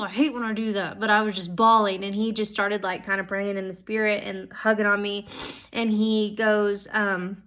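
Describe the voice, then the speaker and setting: Young woman, earnest personal vlog update, gushing and rambling, mid-pitched voice. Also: normal speed, a bit bright. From Oklahoma. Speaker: Bible school student.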